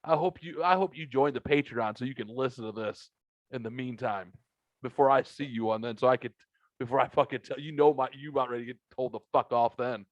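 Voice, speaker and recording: A man's voice: mid-range voice, a little fast, no room sound, lo-fi sound. Profane, rambling podcast host, man. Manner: profane storytelling, acts out both sides of conversations. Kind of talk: casual chat. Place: home basement room.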